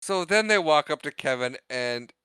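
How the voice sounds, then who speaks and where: Bright, crisp-voiced man recapping a movie. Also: a little high, normal speed, no room sound. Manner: animated retelling, acts out quotes, laughs often. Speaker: podcast co-host. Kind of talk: casual movie recap chat.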